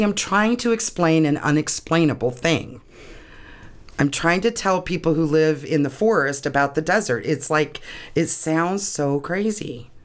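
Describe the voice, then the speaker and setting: A woman telling an emotional personal story in an interview, earnest and often laughing, tearing up as she talks. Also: low voice. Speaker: guest.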